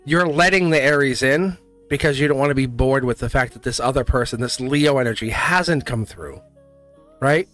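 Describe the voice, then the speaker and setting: A man's voice: medium pitch, moderate pace, fairly bright tone, soft background music. A man giving a live tarot reading, blunt and chatty, laughing often and acting out little voices. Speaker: tarot reader.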